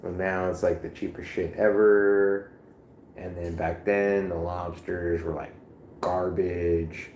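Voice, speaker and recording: A man's voice: sits low, flat delivery, takes it slowly, a little mellow, roomy sound, slight background noise. A man live streaming in casual chat, rambling and profane, full of slang.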